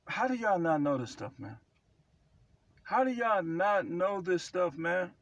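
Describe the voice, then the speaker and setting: A man's voice: high-pitched, animated, measured pace, fairly bright tone, muffled recording. Blunt, emphatic man preaching advice. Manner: blunt, emphatic, repeats himself for stress. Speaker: self-described prophet giving life advice. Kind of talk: casual preaching monologue to camera.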